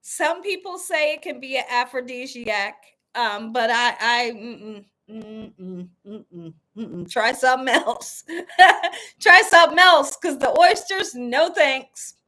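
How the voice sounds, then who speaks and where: High, bright, laughing woman host. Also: animated, unhurried. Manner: laughs often, emphatic and playful; reads viewer comments aloud. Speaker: cooking channel host. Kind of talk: casual live-stream chat with viewers.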